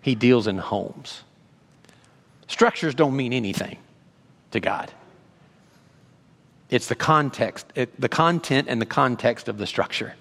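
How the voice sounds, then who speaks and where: A male pastor preaching a sermon, animated, acting out God's words with rising emphasis. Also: mid-range voice, a little slow, long pauses. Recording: long reverb of a large hall.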